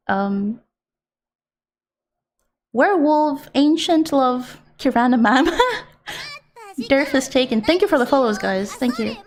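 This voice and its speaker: A young woman streaming live, chatting casually in an excitable, giggly, easily flustered way. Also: high voice, takes it slowly, pauses often.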